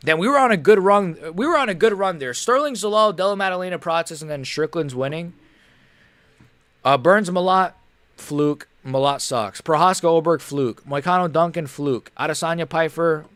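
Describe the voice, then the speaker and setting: A man's voice: fairly high pitch, moderate pace, fairly bright tone, no echo. A young man hosting a live stream, reacting in casual, rambling talk, frustrated and swearing. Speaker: livestream host.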